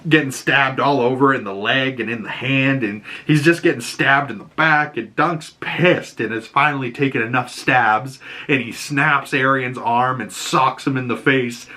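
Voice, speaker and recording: A man with a Boston accent, hosting a podcast and recapping a TV episode in a loose, animated way, acting out the characters' lines and swearing casually. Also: medium pitch, moderate pace, hardly any pauses. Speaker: podcast host.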